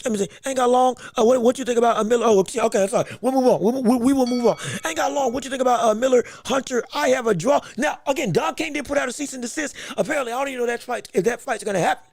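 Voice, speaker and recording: A man hosting a live boxing podcast stream, talking excitedly, laughing, restarting his sentences and calling out greetings to viewers in chat. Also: very high-pitched, racing, hardly any pauses. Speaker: podcast host.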